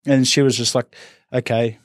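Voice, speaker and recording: Relaxed, chatty man, dry studio sound. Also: medium pitch, moderate pace, no echo. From New Zealand family ties. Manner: relaxed, rambling, says "mate" a lot, acts out quotes. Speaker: rugby league player, guest. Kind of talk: casual storytelling interview.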